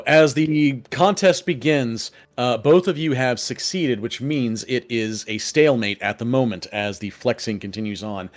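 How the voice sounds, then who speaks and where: A man narrating a tabletop game as game master, in a relaxed manner with frequent fillers and restarts. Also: mid-range voice. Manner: relaxed, halting with many fillers.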